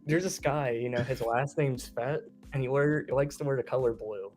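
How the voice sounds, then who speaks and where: A man hosting a relaxed livestream chat, playful and fond of little jokes. His voice has an ordinary middle pitch. Soft music plays faintly underneath. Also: normal speed. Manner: playful and joking. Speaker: livestream host.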